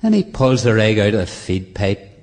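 A man's voice: lowish voice, sing-song, normal speed, a little mellow. A man with a Northern Irish accent reciting a comic poem with dry storytelling and asides, in a performance hall.

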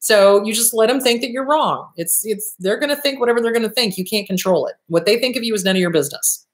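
A woman therapist hosting a show, answering viewer questions in a blunt, animated way, with casual swearing. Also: fairly high pitch, fast.

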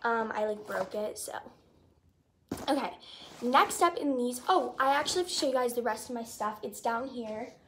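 Teen girl, chatty haul vlog, gushing, fillers, slightly high voice. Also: moderate pace, a bit bright, slight background noise. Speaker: vlogger. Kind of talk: casual haul video.

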